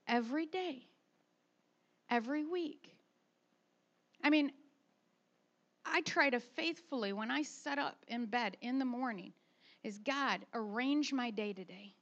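A middle-aged woman and mother preaching a sermon, emphatic and animated, swinging from soft asides to loud pushes. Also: sits high, unhurried, pauses often, highs cut off.

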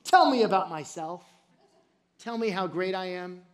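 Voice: mid-range voice, animated, unhurried, close to an everyday voice. A preacher voicing a narcissistic male king in a put-on British accent, lordly and pompous, while retelling a story in a sermon. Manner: pompous, lordly, self-absorbed.

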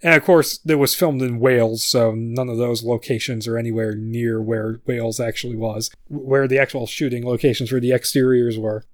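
A man's voice: mid-range voice, steady tone, moderate pace, hardly any pauses, no echo, clean studio sound. A man hosting a podcast, giving a casual, amused recap of a screenplay's plot, often restarting his sentences. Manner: chatty, amused, with frequent restarts. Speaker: podcast host.

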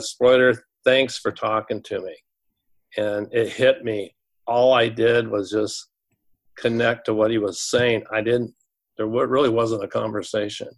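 A man working in school administration, telling a long story in an interview, halting and repeating words as he goes. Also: mid-range voice, gravelly.

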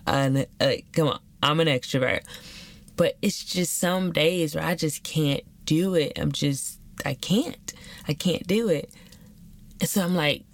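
A woman's voice: low-pitched, measured pace, no echo. A young woman hosting a podcast, talking candidly and animatedly in slangy casual chat. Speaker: podcast host.

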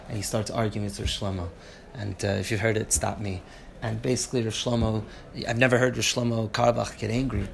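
A man teaching a Torah class, halting with many restarts and fillers, moving between low reflective talk and loud fervent teaching. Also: creaky, slight background noise.

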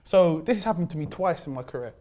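A man's voice: fairly high pitch, expressive, quick pace, warm tone. A man, a footballer guest who talks in a laid-back way, repeating himself and saying "like" often. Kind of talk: casual interview chat.

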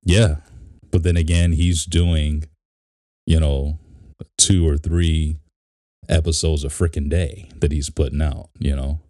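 A man's voice: very deep voice, level tone, slow pace, warm tone, dry recording, clean studio sound. A man co-hosting a podcast, chatting casually in a rambling, talkative way. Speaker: podcast co-host. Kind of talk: casual chat.

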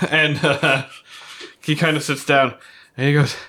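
A man's voice: on the high side, little pitch movement, a little slow, pauses often, bright, forceful tone. A man narrating as game master of a tabletop game, loose and full of fillers.

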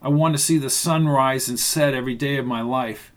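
A man narrating an audiobook, voicing a troubled, emotional young woman in a softly raised, breathy tone. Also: medium pitch, steady tone, brisk, lightly acted. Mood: wistful.

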